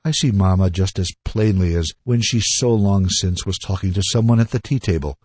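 A man reading a classic novel aloud as narrator, telling it in a lively, expressive way and slowing down for the reflective parts. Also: sits low, slightly rough, no echo. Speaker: audiobook reader.

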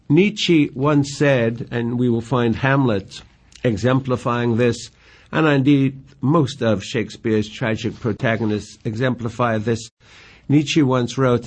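A man giving a measured, admiring lecture on poetry. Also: medium pitch. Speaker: literature lecturer.

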